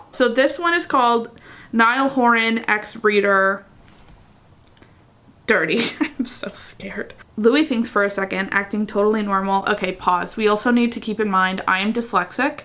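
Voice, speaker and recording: A woman's voice: medium pitch, sharp tone. A woman vlogger reading fan fiction aloud in a casual way, breaking off into chatty, giggly asides. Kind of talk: casual reading vlog with commentary.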